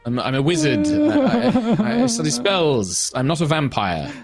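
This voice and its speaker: A man's voice: on the high side, huge pitch swings, measured pace, music in the background, voice pushed up. A man voicing a stern older male wizard in a tabletop game, speaking in a commanding, exasperated way.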